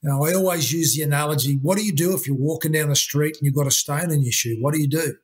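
A husky, slightly higher-pitched man. He talks earnestly and at length as a coaching guest in a conversational interview, looping back on his points. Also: fast talker. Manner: earnest, repetitive, uses "you know" and "mate".

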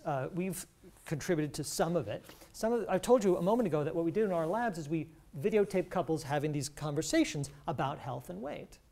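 A woman's voice: on the low side, warm tone. Woman researcher explaining couples stuff, earnest, voice moves around a lot. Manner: earnest, explanatory, some restarts. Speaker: professor, relationship researcher. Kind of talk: scripted talk on couples' health.

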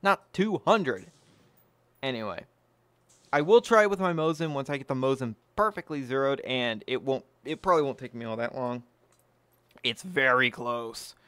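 A man's voice: medium pitch, lively intonation, normal speed, a bit bright, clean tone, no room sound. Salty dude rambling about his rifle results, mid voice, dry close mic. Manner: blunt, profane, self-satisfied. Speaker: firearms channel host. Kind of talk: casual talk to camera.

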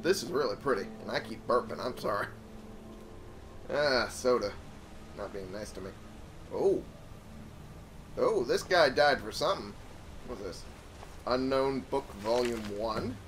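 A man's voice: medium pitch, expressive, measured pace, long pauses, a bit bright, slight background noise. A young man giving casual, chatty gameplay commentary, thinking aloud and swearing freely. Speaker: let's play host. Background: game music.

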